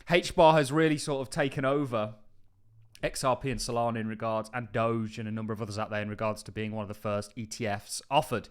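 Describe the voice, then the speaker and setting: A man's voice: medium pitch, fairly even intonation, fast, clean tone. A man hosting a crypto channel, giving casual market commentary in an enthusiastic, emphatic way with frequent offhand asides.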